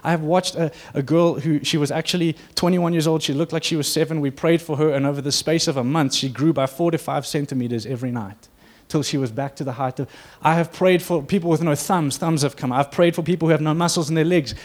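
A man's voice: fairly high pitch, fast talker, hardly any pauses. A man preaching a sermon to his church in an earnest, conversational way, acting out quotes as he goes. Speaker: pastor.

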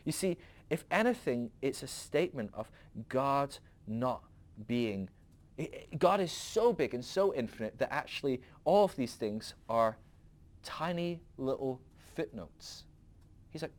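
Animated, rambling male podcast host. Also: mid-range voice, unhurried. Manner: animated, rambling, laughs often, frequent restarts. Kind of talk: casual philosophical teaching.

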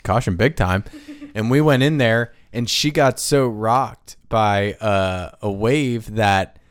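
A man's voice: on the low side, slow pace, smooth, dry recording, studio quality. A man co-hosting a casual podcast, telling stories in a rambling way and laughing between his lines. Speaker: podcast co-host.

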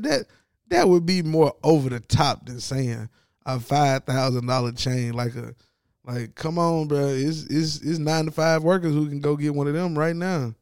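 A man giving a casual, profane sports commentary rant, animated and mocking as he talks. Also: on the high side, moderate pace, clear, resonant tone, no room sound, studio quality.

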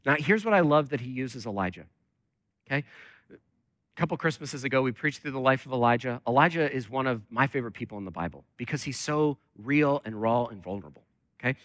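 A man's voice: medium pitch, expressive, brisk, a bit bright, no room sound, studio quality. A man preaching a conversational sermon as lead pastor, talking with many fillers.

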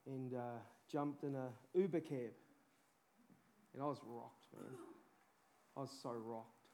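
A man's voice: medium pitch, fairly even intonation, takes it slowly, creaky, mellow. A man preaching a sermon with fervent urgency, peppering it with casual slang.

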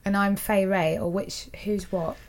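Woman improv teacher on a podcast, playful and animated, middle-pitched voice. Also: measured pace. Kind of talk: casual chat.

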